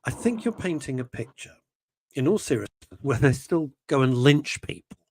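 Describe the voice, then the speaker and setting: A man's voice: mid-range voice, sing-song, normal speed, darkish tone, slight background noise. A man hosting a radio show, chatting casually, teasing his co-host and telling stories. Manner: teasing, interrupting, anecdotal storyteller. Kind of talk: casual on-air banter.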